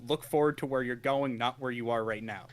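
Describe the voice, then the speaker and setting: Talking fairly fast in a mid-range voice, this podcast co-host chats casually about anime. His recaps of episodes wander, get restarted many times, and draw amused laughs from him.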